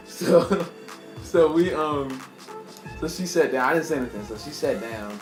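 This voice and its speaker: A man's voice: fairly high pitch, moderate pace. A young man telling a casual storytime to his camera, rambling and laughing often, with slang. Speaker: vlogger. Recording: echoey room with faint music.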